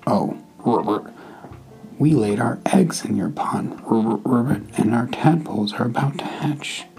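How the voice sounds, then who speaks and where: A man voicing a cheerful, chatty male frog in a bedtime story, who throws in a croaking ribbit. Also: medium pitch, measured pace, a little mellow, faint music behind.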